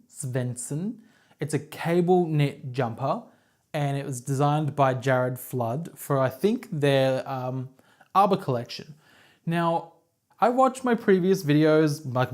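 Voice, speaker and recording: A woman's voice: low-pitched, darkish tone. Chatty Australian woman, self-deprecating host. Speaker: knitting podcast host. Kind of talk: casual chat to camera. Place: home, on her couch.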